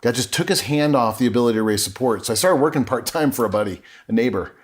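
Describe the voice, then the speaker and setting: A man's voice: medium pitch, quick pace. A middle-aged man, a podcast guest, telling his personal story in an earnest, openly emotional way with frequent restarts.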